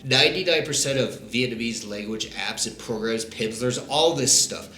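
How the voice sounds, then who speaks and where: A man's voice: mid-range voice, a bit bright, roomy sound, slight background noise. A man vlogging casually to camera, chatty and informal, laughing now and then between points. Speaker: travel vlogger. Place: living in Vietnam.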